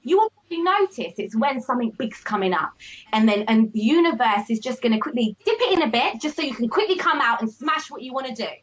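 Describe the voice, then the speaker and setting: Talking fast in a slightly high voice, a woman who works as a business coach drives home her points in an upbeat motivational chat. She's animated and emphatic, constantly tossing in "all right?" and "okay?", and the lo-fi sound is a bit muffled.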